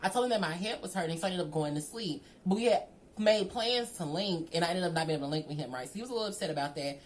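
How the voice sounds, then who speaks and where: Young woman, lowish voice, sassy storyteller, animated, casual vlog chat. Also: quick pace. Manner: sassy, animated, keeps calling the listener "girl". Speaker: storytime vlogger.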